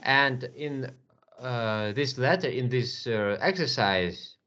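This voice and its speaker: A man teaching English one to one, patient, repeating words slowly with many fillers. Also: mid-range voice, bright, forceful tone, highs cut off. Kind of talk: online English lesson.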